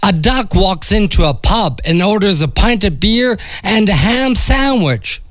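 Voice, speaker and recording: A man, a radio co-host telling a long joke in an unhurried storytelling manner. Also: high-pitched, expressive, a bit bright, dry recording, studio quality.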